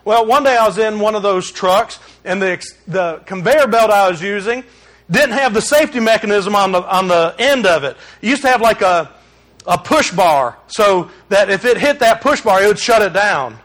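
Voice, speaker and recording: A man preaches through a personal story. His voice sits high and sounds bright and ringing. He tells the story with animation and acts out the shouting and dialogue. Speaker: pastor. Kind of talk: sermon with personal stories.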